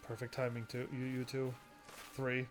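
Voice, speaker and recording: A man casually commentating while he plays a game, rambling and quick to laugh at it, with game music behind him. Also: mid-range voice, monotone. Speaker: gaming video host. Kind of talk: casual let's-play commentary.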